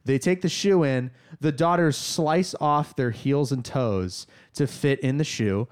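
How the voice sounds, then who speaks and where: A man co-hosting a casual podcast chat, telling stories in an animated, opinionated way. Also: mid-range voice, unhurried. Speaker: podcast co-host.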